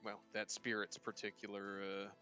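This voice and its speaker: A man's voice: fairly low pitch, monotone, moderate pace, bright, forceful tone, soft background music. A man voicing a weary, grizzled father character who drawls and hesitates, in an online tabletop game. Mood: earnest. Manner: drawling, hesitant, full of "well" and "uh". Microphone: voice chat microphone.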